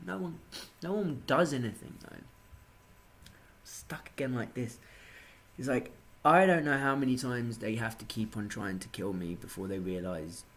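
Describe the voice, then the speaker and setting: A man from England ranting in a casual monologue, swearing often and swinging between low muttering and loud outbursts. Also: vocal fry, a little hiss or hum.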